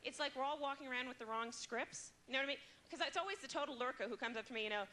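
A woman comedian doing a stand-up set on a club stage, chatty and self-mocking with quick asides to the crowd. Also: high-pitched, sharp tone, a little hiss or hum.

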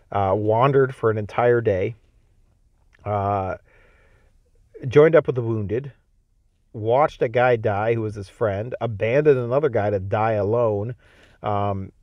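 A man teaching a homeschool literature lecture, reading a novel aloud and thinking out loud about it in a conversational way. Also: mid-range voice, dry recording, muffled recording.

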